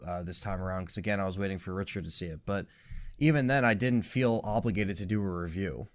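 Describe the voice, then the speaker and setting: A young man co-hosting a casual podcast, talking in an animated, profane way and mocking lines as he retells scenes. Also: low voice, fast talker. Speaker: podcast co-host.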